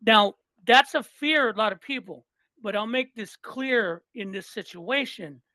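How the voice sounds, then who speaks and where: A man on a podcast as a guest in casual chat, animated and swearing freely, retelling comedy bits and repeating himself for emphasis. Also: high-pitched, a little slow, dry recording.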